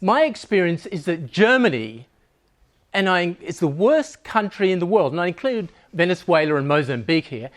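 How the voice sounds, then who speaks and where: A man's voice: high voice, big pitch swings, normal speed. A man giving a humorous talk to a live audience, joking and conversational, laughing at his own lines.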